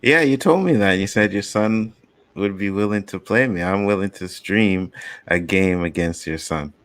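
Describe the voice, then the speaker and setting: A man hosting a casual chat, telling animated stories and swearing freely. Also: fairly low pitch, normal speed, dry recording. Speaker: podcast host.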